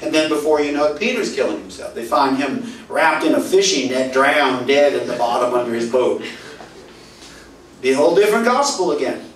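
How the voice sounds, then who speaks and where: Pastor, male, preaching sermon, animated storyteller, distant mic in roomy hall. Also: medium pitch, fairly quick, a little hiss or hum. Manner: storytelling, acts out quoted dialogue, swings from loud to soft. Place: church hall. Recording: roomy echo, voice from far off, faint ambience.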